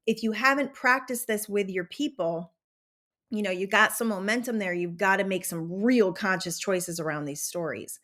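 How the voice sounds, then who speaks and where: A woman hosting a podcast, giving a casual motivational talk with animated enthusiasm and a slight Southern American twang. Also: mid-range voice, normal speed. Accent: drifting into a Southern American twang. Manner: animated, enthusiastic, conversational with many fillers. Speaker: podcast host and manifestation coach.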